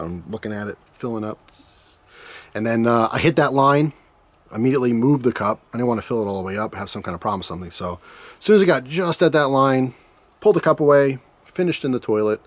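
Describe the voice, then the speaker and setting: A man casually telling a personal story to his viewers, joking and acting out his own reactions. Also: fairly low pitch. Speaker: storytime vlogger.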